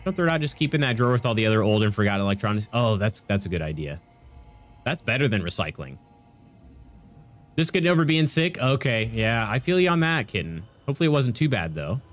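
A very animated, fast-talking man with a medium-pitched voice and a congested nose chats casually while gaming, reacting to viewers and laughing frequently. Faint music sits behind him.

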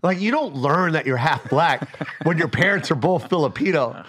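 A man's voice: a little high, lively intonation, moderate pace, a bit bright, husky. A middle-aged man, a guest comedian, telling loose stories in casual podcast chat, laughing and swearing freely.

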